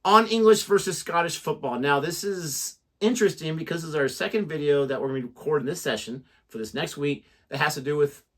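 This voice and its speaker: A man's voice: fairly high pitch, brisk, hardly any pauses. Rambling male reaction-channel co-host. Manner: rambling storyteller, lots of "like". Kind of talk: casual chat.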